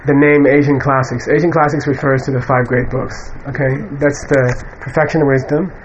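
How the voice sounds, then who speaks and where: A man's voice: mid-range voice, flat delivery, normal speed. A man giving an informal Buddhist teaching to a class, talking in a loose conversational way with many fillers and asides, recorded in a lecture room. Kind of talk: informal dharma lecture to students. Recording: muffled lo-fi room recording with faint hiss.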